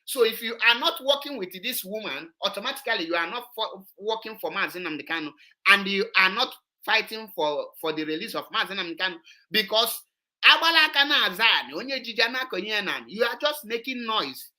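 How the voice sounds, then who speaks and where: Woman, bright voice, emphatic commentary, repeats points. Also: medium pitch, expressive, quick pace. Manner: emphatic, repetitive, switches into Igbo. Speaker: online show host. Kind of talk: commentary on a played clip.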